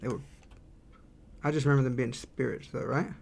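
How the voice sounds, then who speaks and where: A man's voice: medium pitch, fairly even intonation, brisk, gravelly, darkish tone. A man streaming his indie game development, chatting casually and thinking aloud while he draws and reads chat.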